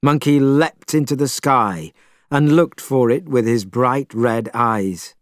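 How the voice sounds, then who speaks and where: Male storyteller, scripted narration, slow, expressive, dry close mic. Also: medium pitch, dry recording. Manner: measured, expressive.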